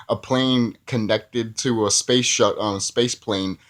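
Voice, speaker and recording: A man's voice: lowish voice, steady tone, slow pace. A man giving a casual, rambling movie review who often laughs at his own jokes.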